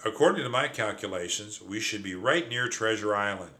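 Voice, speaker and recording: A man voicing a clever, practical young female mouse in a children's storybook reading, speaking calmly. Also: fairly low pitch, brisk. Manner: calm and reasoning.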